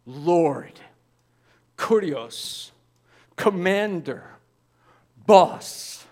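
A man preaching a sermon, animated, acting out the voices of the people in the story. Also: a little high, normal speed, long pauses. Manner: animated, acts out voices of biblical figures. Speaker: pastor.

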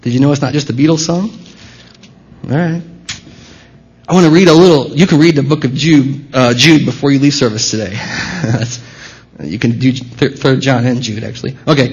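A man's voice: mid-range voice, moderate pace, a little mellow, husky. A man preaching a sermon at a church service, talking to the congregation in a conversational, emphatic way. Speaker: pastor. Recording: dull lo-fi sermon recording.

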